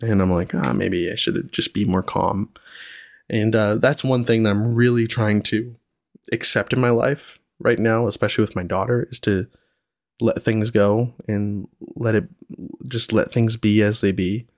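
A young adult man hosting a casual solo podcast, reflective and relaxed, with many ums and you-knows. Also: lowish voice, moderate pace, dry recording, clean studio sound. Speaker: podcast host, single father.

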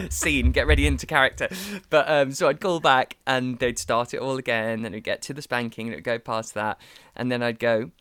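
A man's voice: mid-range voice, normal speed, a bit bright, clean tone, dry recording. A young British man hosting a podcast in casual chat, telling stories with animation and acting out the voices of the people in them. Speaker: podcast host.

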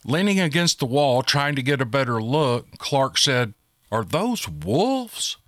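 A man giving steady, scripted narration of a monster-hunting audiobook. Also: mid-range voice, normal speed, no room sound, clean studio sound.

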